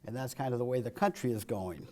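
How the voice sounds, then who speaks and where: A man giving a political speech full of jokes and one-liners, chuckling at his own punchlines and swinging between loud quips and low, muttered asides. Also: fast talker. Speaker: political speaker. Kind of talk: joke-filled political speech.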